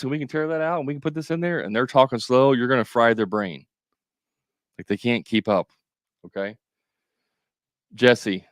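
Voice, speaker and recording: A man's voice: lowish voice, clear, resonant tone, no echo, clean studio sound. A man coaching contractors in a casual livestream, talking straight to viewers with joking asides.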